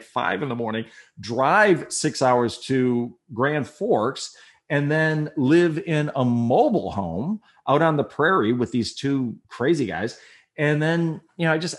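Middle-aged male storyteller, rambling and animated, mid-pitched voice, casual personal anecdote. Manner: rambling, animated retelling with quoted inner thoughts.

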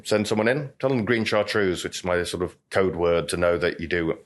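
Middle-aged bartender guest, rambling anecdotal storyteller, slightly low voice. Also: male voice, fairly even intonation, fairly quick. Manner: chatty, anecdotal, lots of "you know". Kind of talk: storytelling interview talk.

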